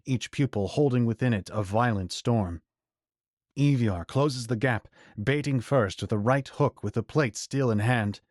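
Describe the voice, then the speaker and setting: A man's voice: medium pitch, darkish tone, dry recording, studio quality. Man narrating a fantasy audiobook.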